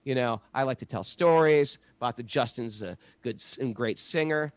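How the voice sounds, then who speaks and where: A middle-aged man talking casually about spiritual practice, an animated storyteller who acts out the voices in his stories. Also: medium pitch, moderate pace, no echo. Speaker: podcast co-host.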